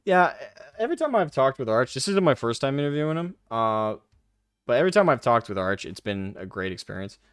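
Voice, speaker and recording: A man's voice: mid-range voice, very animated, a little fast, clean tone, no room sound, studio quality. A young man chatting casually on a live stream, reading and answering chat with frequent laughs and casual swearing. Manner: laughs often, self-deprecating, swears casually.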